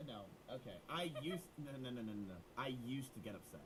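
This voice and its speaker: A man streaming and talking casually, brash and joking, getting excitable. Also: mid-range voice, quick pace, slight background noise, low-quality recording.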